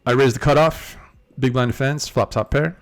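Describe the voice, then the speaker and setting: A man's voice: medium pitch, moderate pace. A man hosting a casual poker live stream, chatting easily with viewers while talking through his hands. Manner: laid-back, chatty, multitasking while reading chat. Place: in Las Vegas.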